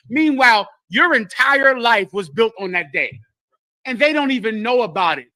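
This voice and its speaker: A man's voice: very high-pitched, lively intonation, moderate pace, bright, forceful tone, no room sound. A man teaching scripture to a group, lecturing emphatically and acting out the voices he quotes. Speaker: religious teacher.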